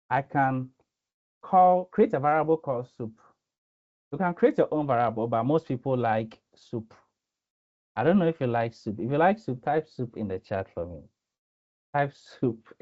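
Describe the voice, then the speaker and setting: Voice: mid-range voice, dull audio. A coding instructor from Ghana, teaching in a live-streamed lesson. The instructor is chatty, laughs often and reads out the viewers' chat.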